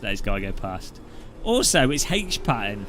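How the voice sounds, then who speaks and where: A man's voice: on the low side, very animated, moderate pace, noisy background. A man giving casual, joking commentary while driving a racing sim, chatty and rambling with frequent laughs and restarts. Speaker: sim racing video host.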